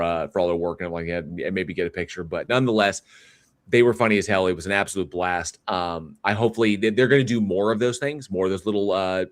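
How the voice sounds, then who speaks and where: A man with a deep, low voice hosts a livestream and chats casually with his viewers. He rambles, trips over his words and restarts sentences, and drops in plenty of fillers. The recording is dry, with no room sound around him. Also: no room sound. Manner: rambling, reads chat aloud, many fillers and restarts. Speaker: livestream host.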